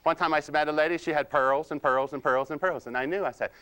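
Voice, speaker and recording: Man playing a quiet nerdy analyzer type. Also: on the high side, steady tone, clean tone. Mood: deadpan nerdy. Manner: slow and hesitant, many ums and "you see?". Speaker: personality-styles trainer. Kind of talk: comedic role-play of a personality type.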